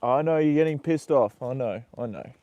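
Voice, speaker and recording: A man's voice: mid-range voice, normal speed, no room sound, lo-fi sound. A man talks casually on a live stream while working on a horse. He mutters under his breath, swears freely, and breaks off to talk to the animal. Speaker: livestreamer caring for a horse.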